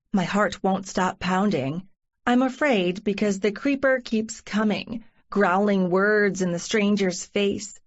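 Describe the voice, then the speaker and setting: A woman narrating a first-person romance audiobook in a measured inner-monologue style. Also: medium pitch. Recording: muffled lo-fi recording.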